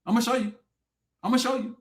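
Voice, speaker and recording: High-voiced man ranting on a livestream. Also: steady tone, fast talker. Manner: loud, profane, taunting, swings between shouting and muttering. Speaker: livestream host. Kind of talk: confrontational livestream rant.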